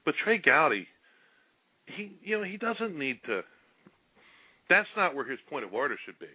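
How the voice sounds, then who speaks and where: A man's voice: a little high, big pitch swings, moderate pace. A man hosting a casual political talk show, speaking bluntly and rambling with repeated words. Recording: phone-like lo-fi sound.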